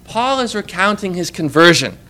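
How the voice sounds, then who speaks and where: A male preacher with a high, bright voice delivers a sermon in a chatty, conversational way. He keeps asking the congregation questions. When he reads scripture he slows down and leans on the words. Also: very animated. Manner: reads scripture aloud with slow emphasis.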